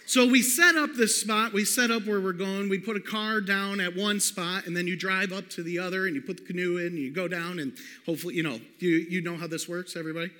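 A man preaching a sermon, telling a personal story in an animated way and calling out to the congregation. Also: high-pitched, fast, hardly any pauses. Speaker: pastor. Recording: long hall reverb.

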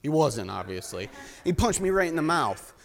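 High-voiced young man preaching in a hall. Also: sing-song, moderate pace, creaky. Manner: storytelling, joking with the congregation. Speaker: guest preacher. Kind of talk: sermon. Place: church sanctuary. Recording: long reverb of a large hall.

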